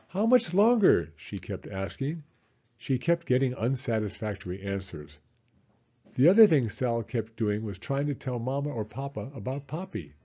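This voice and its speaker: Expressive man reading a kids' book. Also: mid-range voice, slightly rough, lo-fi sound. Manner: expressive, animated narration. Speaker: storyteller reading to kids. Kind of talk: children's book read-aloud.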